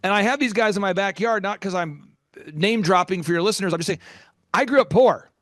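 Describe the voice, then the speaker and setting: Middle aged guy coaching, high voice, gets loud and fired up, dry sound. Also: no echo. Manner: passionate, loud at times, rapid storytelling. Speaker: business coach guest. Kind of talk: energetic storytelling interview.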